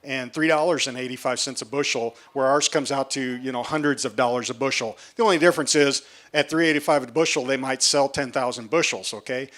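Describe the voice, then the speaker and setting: Talking a little fast with hardly any pauses, a man with a medium-pitched, fairly bright voice moderates a panel in an outdoor festival tent. He's a seed production manager, explaining prices and questioning the audience conversationally.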